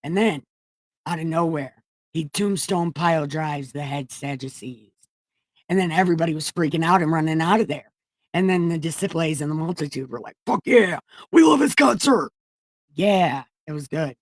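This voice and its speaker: A low-voiced woman reads scripture aloud for laughs at a fairly quick clip, breaking off into profane, mocking asides and cutting herself off in a loose way. It's a clean studio recording with no echo, an irreverent Bible reading laced with commentary.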